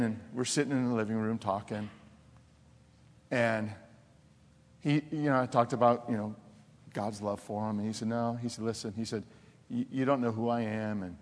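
A man preaching a sermon as pastor, telling animated personal stories, laughing often and dropping to soft, intense tones. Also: on the low side. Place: church sanctuary. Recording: long reverb of a church hall.

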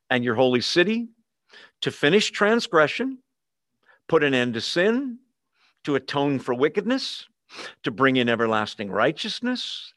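A man's voice: mid-range voice, fairly bright tone, dry recording, clean studio sound. A pastor preaching a conversational sermon to a live and online congregation, often asking his listeners questions.

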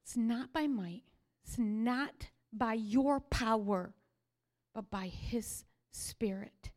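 A woman preaching a sermon, telling stories with energy and then sinking to soft whispers. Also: on the high side, slow. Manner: animated storytelling that sinks to soft whispers.

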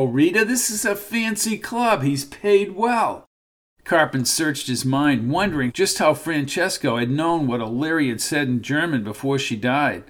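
Man narrating a horror story. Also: medium pitch.

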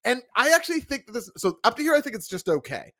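A man hosting a wrestling review show in casual chat, animated and emphatic. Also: very high-pitched, fast talker, no room sound, studio quality. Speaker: podcast host reviewing wrestling.

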